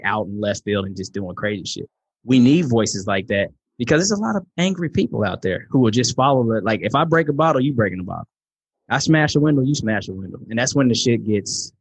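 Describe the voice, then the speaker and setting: A man's voice: on the low side, dry recording. A middle-aged man, a podcast guest, talking with passion and profanity in casual conversation.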